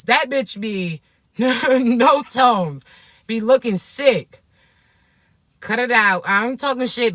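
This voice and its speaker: A woman from Florida, ranting to camera in a brash, profane, animated way. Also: a little high, no echo, clean studio sound. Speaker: vlogger. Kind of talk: casual rant to camera.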